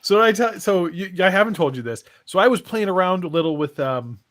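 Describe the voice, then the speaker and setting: A man's voice: high-pitched, animated, brisk, fairly bright tone. A middle-aged man co-hosting a casual chat show, telling rambling stories and laughing often. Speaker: co-host.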